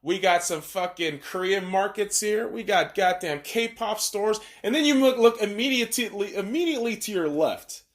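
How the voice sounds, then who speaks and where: A man's voice: fairly high pitch, fairly bright tone. A man hosting a podcast, talking in a blunt, profane, ranting monologue. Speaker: podcast host.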